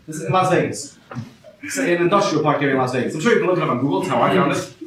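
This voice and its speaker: Speaking very fast in a fairly high, animated voice, this male comic delivers a meandering routine dotted with Yiddish and Hebrew words to a live audience. The small venue's echo and the audience's laughter come through on a distant recording.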